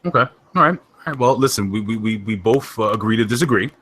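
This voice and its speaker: Excitable bright-voiced male podcast host. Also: lowish voice, fast, slight background noise. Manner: excitable, emphatic, jokey. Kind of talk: casual wrestling podcast chat.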